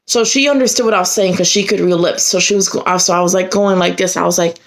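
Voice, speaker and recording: A woman earnestly tells a personal story to the camera, speaking fast in a steady tone. When she becomes indignant, the heated retelling climbs sharply in pitch.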